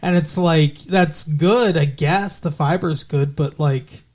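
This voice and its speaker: A man co-hosting a podcast, chatting casually and rambling through a show recap, with restarts and quick character voices. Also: a little high, a little mellow. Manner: rambling, self-correcting, puts on character voices. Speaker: podcast co-host.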